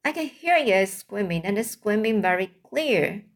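Lady doing a gentle giant from a storybook, slow and earnest, mixed-up grammar. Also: mid-range voice, very animated. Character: kindly giant man, odd grammar.

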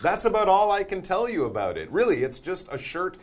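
A man's voice: sits high, sing-song, brisk, a little hiss or hum. A man co-hosting an English lesson, bantering casually and grumbling in a playful way.

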